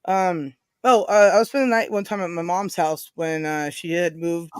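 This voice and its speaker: A woman's voice: lowish voice, fairly even intonation, normal speed, clean tone, dry recording, studio quality. A woman co-hosting a casual chat show, telling stories in a rambling way with many fillers and giggles. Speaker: co-host.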